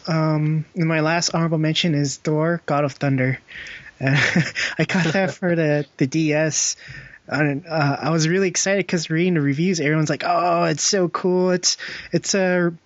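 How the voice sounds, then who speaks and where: A young man chats casually on a gaming podcast, his voice sitting a little high for a man. He rambles, stacking fillers and breaking into laughs. The sound is dry and lo-fi, with a muffled top end. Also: steady tone, moderate pace, no room sound. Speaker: podcast co-host. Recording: dull, dry lo-fi podcast audio.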